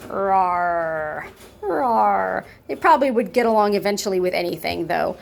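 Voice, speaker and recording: Speaking quickly in an animated, creaky, medium-pitched voice, a cat foster and adoption volunteer promotes kittens in a casual video. She slips into cooing baby talk as cats meow around her home, with slight background noise.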